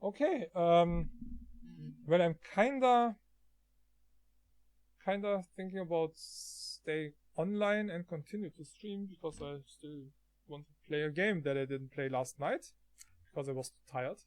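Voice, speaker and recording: A man streaming from home, chatting casually, often halting and laughing. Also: fairly high pitch, a little mellow, no echo, studio quality.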